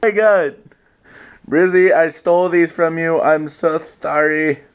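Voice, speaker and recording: A man's voice: a little high, fairly even intonation, slow pace, clean tone. A young man vlogging casually on his own at home, rambling and self-mocking, swearing freely. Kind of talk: casual solo vlog.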